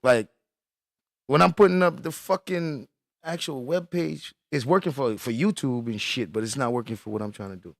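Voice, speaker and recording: A man's voice: mid-range voice, moderate pace, creaky, no room sound, studio quality. A man live-streaming casual chat from his computer, swearing in frustration and greeting viewers as he works.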